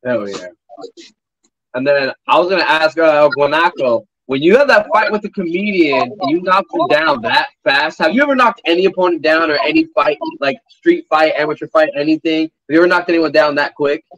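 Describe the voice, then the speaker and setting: A man's voice: fairly high pitch, lively intonation, fairly quick, fairly bright tone. A man hosting a casual interview, asking rambling follow-up questions. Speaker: podcast host. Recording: dull lo-fi audio.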